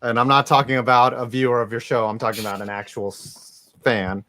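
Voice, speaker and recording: A man's voice: mid-range voice, flat delivery, a little fast, pushed and bright. A man co-hosting a casual sports chat, teasing the others and joking between segments. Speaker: podcast co-host.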